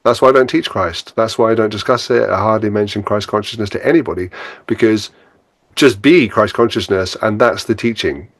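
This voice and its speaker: A man's voice: lowish voice, brisk, no echo. A man guesting on a podcast as a spiritual teacher, talking casually and reflectively, laughing often and acting out his own inner thoughts.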